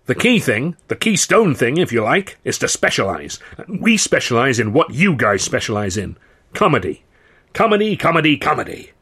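A man voicing a brash, fast-talking film studio boss who boasts loudly in a salesman's patter, in an audiobook. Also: mid-range voice, very animated, husky, exaggerated voice. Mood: boastful. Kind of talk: audiobook character voice.

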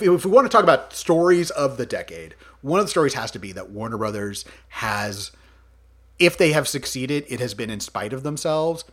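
A man hosting a podcast, chatting casually about movies, animated, laughing often and swearing freely. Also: medium pitch. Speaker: podcast host.

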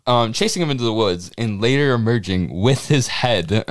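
A man's voice: medium pitch, animated, normal speed, dry recording, clean studio sound. A young man co-hosting a podcast, telling a history story casually, joking, swearing and laughing often. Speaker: podcast co-host.

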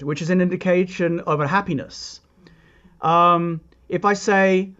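Man, composer guest, thoughtful explaining, slightly high voice, dull lo-fi sound. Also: steady tone, unhurried, pushed and bright. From England. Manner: thoughtful, reflective, with frequent restarts and asides. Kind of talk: explanatory interview talk.

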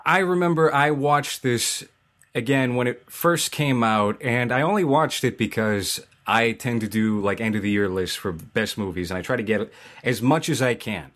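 A man's voice: mid-range voice, moderate pace, a bit bright. A man hosting a casual podcast chat, prompting his guest in an easygoing way.

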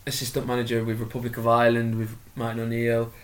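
A man's voice: mid-range voice, monotone, quick pace. A man co-hosting a casual football podcast, chatty, laughing often and saying "like" a lot. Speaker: podcast co-host.

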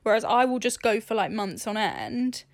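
Candid woman, slightly high voice. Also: lively intonation, normal speed, dry recording, clean studio sound. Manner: candid, swears freely, acts out her inner voice. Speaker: podcast co-host. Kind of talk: casual chat.

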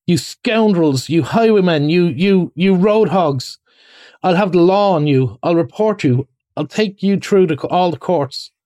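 A man voicing an indignant male water rat who shouts and sputters insults in a storybook reading. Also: high-pitched, animated, a little slow, dry recording, pitched above the performer's own voice. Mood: furious.

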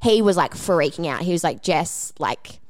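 A woman co-hosting a podcast, telling a story in casual chat, animated and acting out the lines she quotes, with some swearing. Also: fairly low pitch, brisk. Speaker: podcast co-host.

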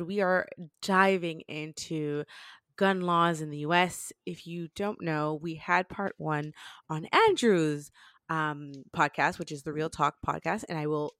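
A woman's voice: fairly low pitch, no room sound, studio quality. A woman hosting a podcast in a casual, upbeat way, often restarting her sentences. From Canada. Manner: upbeat and chatty, with frequent restarts. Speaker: podcast host.

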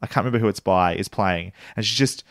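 A man's voice: sits low, quick pace, creaky, no room sound, studio quality. A man co-hosting a casual podcast chat, easygoing and thoughtful, drifting into asides. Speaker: podcast co-host.

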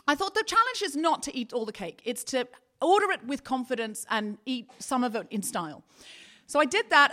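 Bright-voiced woman telling a wry anecdote. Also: fairly high pitch. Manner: wry, deadpan storytelling. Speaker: co-host and comedian. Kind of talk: comic anecdote on stage. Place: live comedy venue with audience.

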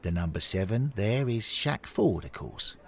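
A man voicing a kindly older male ghost who speaks gently and evenly, close to his own voice. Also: on the low side, big pitch swings, vocal fry, voice pushed up, heavily acted. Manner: gentle, measured.

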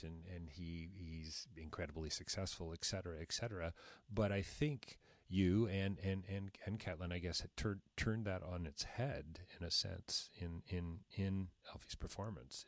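A deep-voiced man conducts a relaxed interview, gushing with praise and tripping over his own sentence starts. His voice is low and sits close and dry on the mic. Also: dry recording. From former British colony. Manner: enthusiastic and effusive, with frequent restarts. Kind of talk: casual interview chat.

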